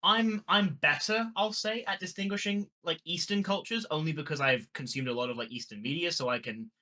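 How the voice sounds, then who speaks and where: A man's voice: on the high side, a little fast, sharp tone. A man with an English accent on a casual podcast, talking animatedly and often restarting his sentences. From England. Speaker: podcast co-host. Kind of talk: casual chat.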